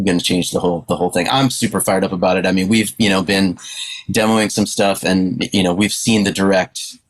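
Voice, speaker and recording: A man's voice: low-pitched, steady tone, brisk, low-quality recording. Stammering, fired-up man on a panel. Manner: stammering, enthusiastic, many restarts. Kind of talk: excited panel discussion.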